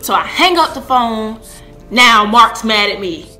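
A woman in her twenties telling a personal story on her vlog, animated and acting out the dialogue. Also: a little high, unhurried, faint music behind. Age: 20s. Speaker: vlogger.

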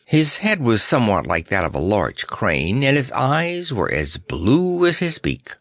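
A man narrating a children's book in a measured, expressive way. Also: fairly low pitch, no echo. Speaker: audiobook narrator. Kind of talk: scripted narration.

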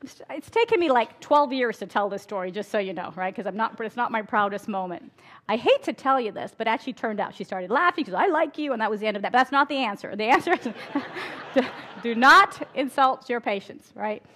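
A woman's voice: medium pitch, expressive, fast talker, a bit bright. A middle-aged woman, an emergency physician, giving a candid conference talk full of stories and laughing at her own stories. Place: conference hall before an audience.

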